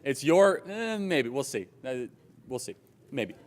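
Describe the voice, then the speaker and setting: A young man from Chicago giving an animated, joking and emphatic political speech at a conference. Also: mid-range voice, measured pace. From Chicago, USA. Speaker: conference speaker. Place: large hotel conference hall. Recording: long hall reverb.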